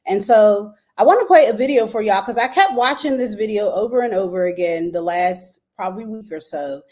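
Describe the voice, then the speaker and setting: Animated woman host telling a story. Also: brisk. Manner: storytelling, pitch jumps high when reliving moments. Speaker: talk show host. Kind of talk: casual chat to a live audience.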